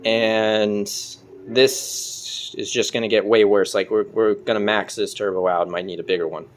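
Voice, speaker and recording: A man's voice: on the low side, a little hiss or hum. A man casually talking through car work in his garage, loose and profane. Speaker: car vlogger. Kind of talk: casual garage vlog talk. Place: home garage.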